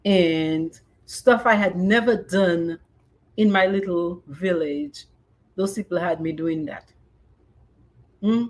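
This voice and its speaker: A woman in her fifties, a podcast host, reads a personal memoir in an expressive way and then chats casually, dropping in Creole phrases. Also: medium pitch, slow.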